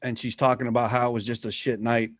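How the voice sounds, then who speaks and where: A man's voice: medium pitch, little pitch movement, fast talker, no room sound, clean studio sound. A middle-aged man talking as a podcast guest, blunt and earnest, and he swears freely. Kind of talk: candid conversation.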